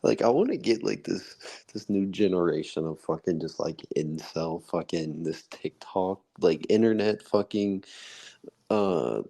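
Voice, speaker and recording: A man's voice: low-pitched, unhurried, creaky, mellow. A man co-hosting a podcast in casual chat, joking and swearing between laughs. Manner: laughing, profane, bantering. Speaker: podcast co-host.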